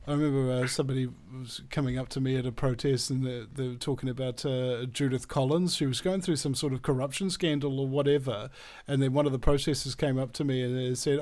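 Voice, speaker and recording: A man's voice: medium pitch, steady tone, quick pace, darkish tone. A man hosting a radio chat, telling rambling, jokey stories with many fillers. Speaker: radio show host. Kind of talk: casual radio chat, storytelling.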